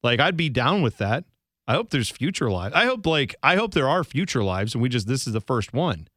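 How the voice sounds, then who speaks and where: A man's voice: mid-range voice, big pitch swings, brisk, a bit bright, dry recording, studio quality. A man co-hosting a radio talk show, chatting casually in a rambling, self-deprecating way.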